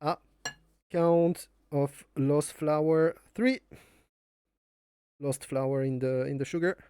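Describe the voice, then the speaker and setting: A man's voice: fairly high pitch, steady tone, slow, dark tone, smooth, no echo, clean studio sound. A man from France with a French accent and a nasal voice, chatting casually on a cooking live stream. He rambles and jokes about himself. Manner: rambling, joking, chuckles often, speaks non-native English. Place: home kitchen.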